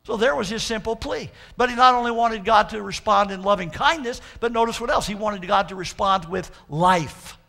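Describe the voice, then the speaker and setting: A man's voice: high-pitched, normal speed, gravelly, few pauses, sharp tone. A male pastor preaching a fervent sermon, stretching out his quotes of scripture for emphasis.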